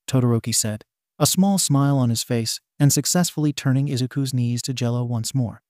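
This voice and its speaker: A man narrating a fan-fiction audiobook in a steady, gentle storytelling manner. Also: medium pitch, brisk, dry recording, studio quality.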